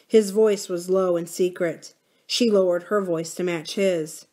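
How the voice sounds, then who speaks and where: A woman hosting a library reading series, reading a novel aloud in a steady, measured way. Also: on the low side. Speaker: library book-reading host.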